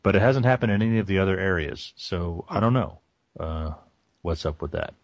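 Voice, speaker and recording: Deep-voiced male co-host, deadpan delivery, dry studio sound. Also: brisk, creaky, dry recording. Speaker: podcast co-host. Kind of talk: casual chat.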